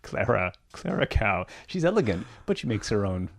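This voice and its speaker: A man's voice: fairly low pitch, very animated, normal speed, gravelly, no room sound, studio quality. A man co-hosting a podcast, trading wry, amused banter in casual chat. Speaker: podcast co-host.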